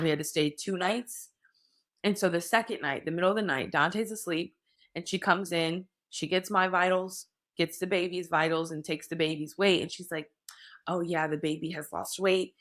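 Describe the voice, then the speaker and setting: Lower-pitched woman telling a candid story. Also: normal speed. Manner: animated retelling, voicing others in quotes. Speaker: podcast guest sharing her birth story.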